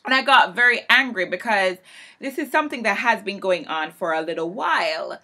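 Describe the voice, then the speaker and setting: A woman vlogging a heated rant about her teaching job, her voice bright and ringing. She tells the story emphatically, climbing louder and higher whenever the anger comes back. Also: lively intonation, fairly quick. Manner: emphatic storytelling, swings loud and high when heated. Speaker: English teacher. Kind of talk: vlog rant.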